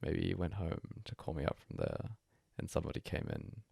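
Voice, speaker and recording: A man reading a bedtime story aloud as a hushed, breathy first-person monologue. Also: sits low, very animated, fairly quick, no room sound, studio quality. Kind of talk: soft-spoken story reading.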